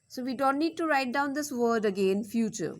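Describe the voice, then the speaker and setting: A woman giving a slow classroom lecture, reading out example sentences and repeating words one at a time as she dictates them. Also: a little high, animated.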